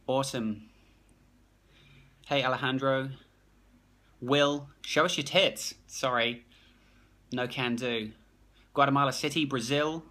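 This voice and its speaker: A man with a New Zealand accent, talking fast and excitedly on a phone live stream, reading out comments and restarting his sentences. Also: mid-range voice. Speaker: productivity blogger hosting a live stream.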